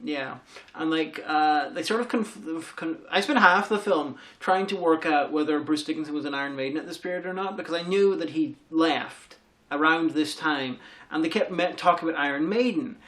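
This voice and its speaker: A man's voice: on the high side, fairly bright tone. A man co-hosting a casual review chat, rambling and restarting his sentences often. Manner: rambling, halting with repeated restarts. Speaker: co-host reviewer.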